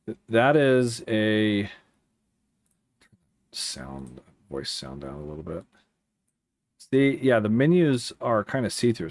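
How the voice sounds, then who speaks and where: Controller turned streamer, lowish voice, rambling gameplay chat with radio calls. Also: male voice. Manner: rambling, self-interrupting, gives radio calls mid-chat. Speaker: air traffic controller playing a simulator. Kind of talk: casual gameplay commentary.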